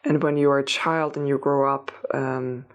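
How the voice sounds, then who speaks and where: A woman giving a tarot reading, talking straight to the listener in a meandering way with restarts and gentle reassurance. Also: rumbling low, fairly even intonation, normal speed. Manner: meandering, many restarts and fillers, addresses listener directly. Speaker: tarot reader. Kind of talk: unscripted spiritual reading to camera.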